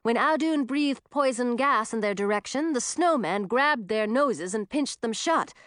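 Lively, expressive woman storyteller. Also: a little high, a little slow, no room sound, clean studio sound. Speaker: narrator. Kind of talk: storybook narration.

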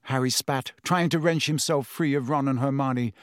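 A man reading an audiobook in a measured, dramatic storytelling manner. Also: medium pitch, dry recording, studio quality. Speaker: audiobook narrator. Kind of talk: scripted narration.

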